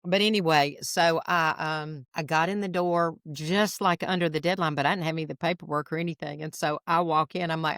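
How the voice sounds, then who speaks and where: A middle-aged woman from Alabama with a Southern US accent, telling stories as a podcast guest in a chatty, animated way. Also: deep voice, a little fast, few pauses, no echo, clean studio sound. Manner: animated, chatty, tells stories with acted quotes. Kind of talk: casual storytelling interview.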